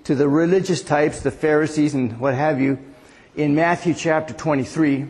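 A man's voice: on the high side, normal speed, darkish tone, in a large hall. A man preaching a sermon in a rambling, conversational way, often asking the audience questions.

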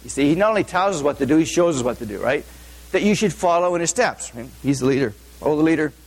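A man's voice: fairly high pitch, expressive, a little fast. A male pastor giving a conversational sermon, often asking the audience questions. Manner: asks the audience frequent questions; informal, with many fillers and restarts.

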